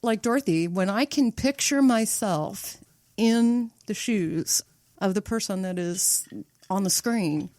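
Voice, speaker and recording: A woman's voice: mid-range voice, slow, darkish tone, no echo, clean studio sound. A woman screenwriter from Nebraska, a podcast guest, talking bluntly and emphatically and swearing for emphasis. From United States (Nebraska). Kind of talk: casual podcast chat.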